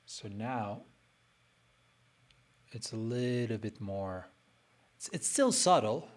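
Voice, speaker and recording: A man's voice: fairly low pitch, big pitch swings, takes it slowly. A man streaming his design work, chatting casually and playfully as he thinks aloud and talks to his screen. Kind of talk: casual live design commentary.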